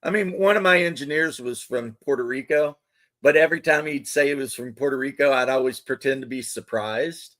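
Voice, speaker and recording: This livestream host, a man in his thirties, speaks at medium pitch with a fairly quick pace and a fairly bright tone. He chats casually with his viewers in loose, rambling banter full of jokes.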